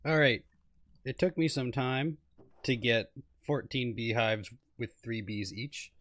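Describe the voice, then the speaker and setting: A man's voice: mid-range voice, slow pace, a bit bright, no room sound. A man giving casual gameplay commentary, rambling and self-deprecating, often trailing off mid-sentence. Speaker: gaming video creator.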